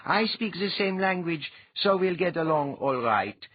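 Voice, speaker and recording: Guy doing a sly moneyed duke, higher voice, husky, dull recording. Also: expressive, measured pace. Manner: sly, confident. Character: shrewd money-minded duke, merchant type.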